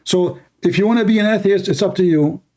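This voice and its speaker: A man's voice: sits high, a little fast, a little mellow. A man whose first language is Arabic hosts a live-stream debate in English. He is blunt and mocking and keeps repeating his questions. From Middle East.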